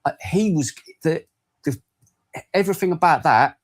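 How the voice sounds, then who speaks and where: Excitable sweary podcast man. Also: fairly high pitch, moderate pace. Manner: excitable, sweary, lots of restarts. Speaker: podcast co-host. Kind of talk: casual podcast chat.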